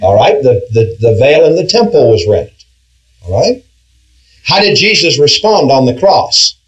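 A man's voice: mid-range voice, big pitch swings, unhurried, lo-fi sound. A man teaching an interactive Bible class, asking his group questions and stressing key words, with frequent restarts. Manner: questioning, emphatic, with frequent restarts and "all right".

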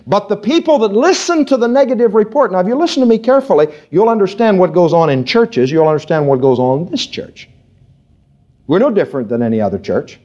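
A man's voice: sits high, sing-song, fast, warm tone. A man preaching a sermon as pastor, rising and pressing hard on key phrases. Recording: dull lo-fi sound.

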